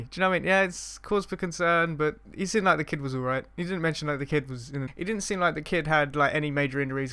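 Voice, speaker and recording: A man's voice: fairly high pitch, sharp tone, smooth. A man hosting a casual reaction vlog, chatty and a little hesitant. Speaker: reaction channel host.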